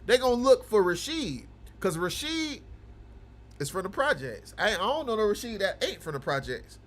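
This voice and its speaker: A man hosting a livestream, chatting casually with viewers and teasing them, going from low mumbling to loud ranting. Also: big pitch swings, moderate pace. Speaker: livestream host of a game broadcast.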